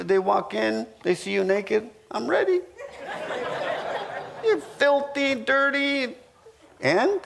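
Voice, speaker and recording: A man's voice: sits high, gravelly, fairly bright tone, a little hiss or hum. A man in his sixties, a pastor teaching a marriage class in church, earnest and repetitive with frequent restarts.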